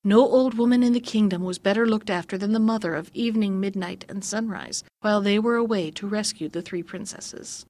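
A woman narrating a fairy tale in a measured, gently expressive storytelling voice. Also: mid-range voice.

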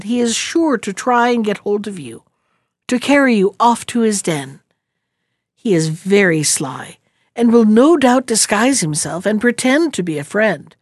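A woman voicing an old, feeble mother pig who gives her piglets slow, earnest advice in a storybook reading. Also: a little high, darkish tone, dry recording, studio quality.

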